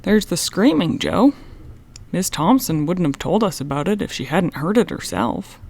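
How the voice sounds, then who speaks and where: A woman's voice: lowish voice, sing-song, normal speed, gravelly, a little mellow, heavily acted. A woman reading an audiobook, voicing a thoughtful, earnest teenage boy detective.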